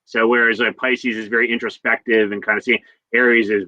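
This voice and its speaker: A man's voice: medium pitch, little pitch movement, fairly quick, sharp tone, no room sound, lo-fi sound. A man as a guest astrologer, explaining signs casually in a loose, rambling way.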